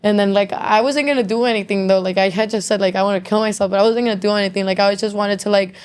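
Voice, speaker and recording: A woman's voice: medium pitch, steady tone, fast talker, clear, resonant tone. A young woman speaking as a podcast guest, telling her own story openly. Her talk is loose and casual, full of swearing and constant "like.". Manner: candid, swears often, says "like" constantly.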